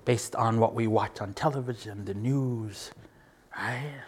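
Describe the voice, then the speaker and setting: A man with a husky, medium-pitched voice speaks unhurriedly in a reflective public talk. He's earnest and animated, laughing often and checking in with listeners, and he sometimes drops to a hushed near-whisper for emphasis.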